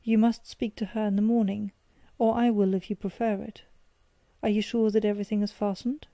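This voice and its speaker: Woman doing a worried young lady asking careful questions in an audiobook, dark mellow voice. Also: medium pitch, little pitch movement, a little fast, no echo, lightly acted. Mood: concerned. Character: young woman, anxious and dutiful niece.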